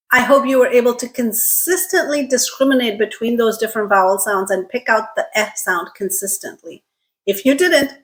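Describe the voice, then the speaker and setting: A woman with a somewhat high, slightly bright voice teaches an online pronunciation lesson. She enunciates carefully, drills sounds slowly and checks in with "okay?"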